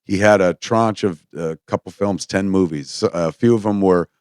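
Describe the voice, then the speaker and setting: A middle-aged man, a filmmaker guest in a radio studio, telling anecdotes in a casual, animated way and acting out the voices of the people in his stories. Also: low voice, moderate pace, smooth, no echo. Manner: animated anecdote-teller, acts out quoted voices. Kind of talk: casual storytelling interview.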